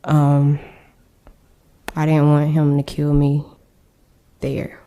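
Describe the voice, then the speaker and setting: A woman with a low, dark voice tells her own story slowly, pausing often as she searches for words. Her delivery stays flat and subdued throughout, a recorded interview of personal testimony. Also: smooth. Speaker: survivor interviewed.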